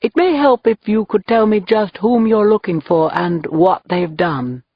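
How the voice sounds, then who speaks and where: A woman's voice: mid-range voice, a little slow, no room sound, highs cut off, voice pushed up. A woman voicing a jovial, evasive male club owner with a British accent, read as an audiobook. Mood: smooth, evasive. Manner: smooth and evasive. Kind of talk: audiobook reading.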